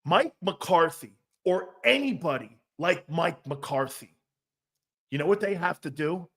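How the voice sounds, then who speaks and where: A man's voice: a little high, expressive, a little slow, vocal fry, a bit bright. A middle-aged man hosting a casual sports talk show, brash and profane, laughing often as he riffs and reads viewer comments.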